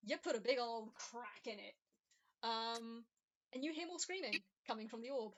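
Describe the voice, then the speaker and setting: A woman runs a tabletop game, narrating scenes in loose, descriptive speech full of fillers. Her voice sits fairly high. The sound is a little dull. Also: moderate pace, fairly bright tone. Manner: many ums and uhs, descriptive. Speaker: game master.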